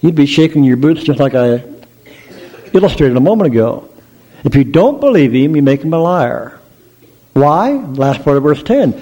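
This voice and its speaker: Animated folksy male preacher. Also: a little high, moderate pace, muffled recording. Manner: folksy, animated, self-deprecating storytelling. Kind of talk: sermon.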